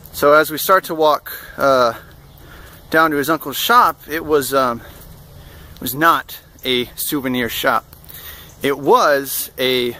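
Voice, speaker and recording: A man's voice: medium pitch, pushed and bright. A young man casually telling a travel story in a rambling way, with plenty of fillers and amused asides. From United States. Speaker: vlogger.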